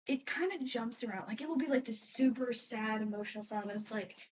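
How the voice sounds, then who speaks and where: A woman's voice: a little high, brisk, slight background noise. Chatty, rambling girl vlogger, slightly distant. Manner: rambling, chatty, trails off and restarts. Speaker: vlogger answering fan questions. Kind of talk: casual chat.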